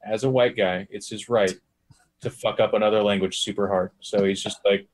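Low-voiced guy joking around while playing a tabletop game. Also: fairly even intonation, normal speed. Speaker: player. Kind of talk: casual chat at a tabletop game.

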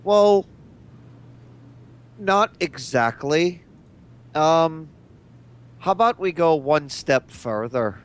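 An earnest, courteous male space traveler, played by a man in a tabletop game. He speaks very slowly and deliberately, with a smooth, clear voice. His pitch sits a little above the usual man's. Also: lively intonation. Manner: measured, polite, slow. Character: adult male space traveler building a robot body, polite and earnest. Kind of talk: tabletop role-play in character.

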